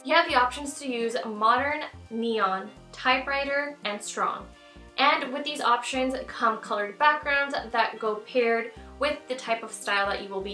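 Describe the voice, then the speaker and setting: A woman's voice: on the high side, pushed and bright, echoey room, far from the mic. A young woman hosting a friendly tutorial vlog, talking straight to her viewers. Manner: friendly, addresses viewers directly. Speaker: YouTube tutorial host.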